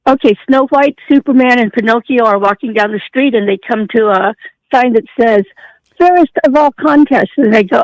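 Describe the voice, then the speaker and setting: Radio caller, easygoing joke teller, mid pitch, dull phone line. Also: fairly quick, no echo. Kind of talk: telling a joke on a call-in.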